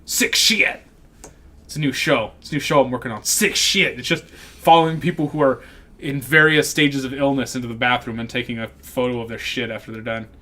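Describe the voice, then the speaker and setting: A man's voice: mid-range voice, fairly even intonation, fairly quick, sharp tone. A young man hosting a podcast, rambling and joking with lots of swearing in casual chat. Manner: profane, rambling, jokey. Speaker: podcast host.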